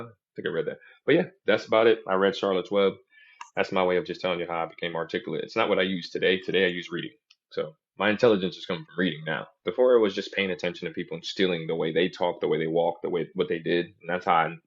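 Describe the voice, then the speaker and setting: A man talks through a casual podcast in a low, husky voice. He tells his stories with energy and drops into other people's voices whenever he quotes them. The recording sounds dull and lo-fi. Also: quick pace. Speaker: podcast host. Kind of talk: casual chat.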